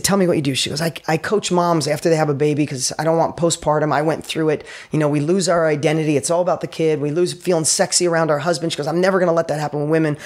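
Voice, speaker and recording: A man speaking as an entrepreneur guest on a podcast, an energetic storyteller who acts out the quotes in his stories. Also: fairly high pitch. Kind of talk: enthusiastic podcast interview.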